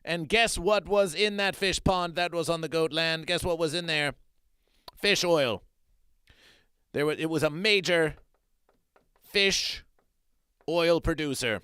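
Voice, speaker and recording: A man delivers an absurd mock news monologue in a fairly high, smooth and clear voice. The room sound is close and dry. He rambles and repeats himself, dropping now and then into hushed muttering. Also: no echo. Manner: repetitive, rambling, mock-serious. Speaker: comedy streamer.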